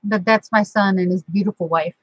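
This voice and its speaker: Husky middle-aged woman chatting. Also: mid-range voice, steady tone, a little fast, no room sound, low-quality recording. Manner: chatty, rambling and sentimental. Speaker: crafting channel host. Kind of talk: casual craft vlog chat. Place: home craft room.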